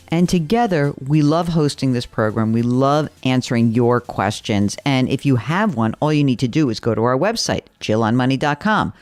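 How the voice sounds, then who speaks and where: A woman's voice: very deep voice, animated, normal speed, few pauses, a little mellow, soft background music. A woman hosting a money call-in radio show, chatty and teasing with callers. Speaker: host.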